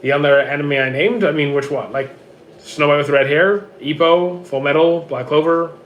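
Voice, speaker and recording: A man with a hoarse, worn-out voice reads out viewer questions and answers them offhand in casual livestream chat from home. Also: fairly high pitch, steady tone, moderate pace, muffled recording, a little hiss or hum. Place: home with roommates.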